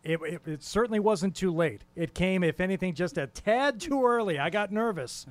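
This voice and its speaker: A man's voice: sits high, expressive, normal speed, dry recording. A male sports radio host interviewing a player after the game, friendly and joking, with stammered restarts.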